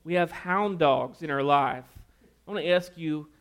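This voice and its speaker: A pastor delivers a relaxed, story-driven sermon in a fairly high voice. His tone is folksy and conversational, and it turns hushed and earnest in prayer. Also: unhurried.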